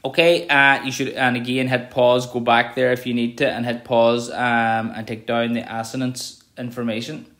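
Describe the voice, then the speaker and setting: An Irish man gives a recorded revision lesson, explaining terms and reading examples out slowly while checking in often with "okay." His voice sits at a medium pitch, slightly bright, with little movement in intonation.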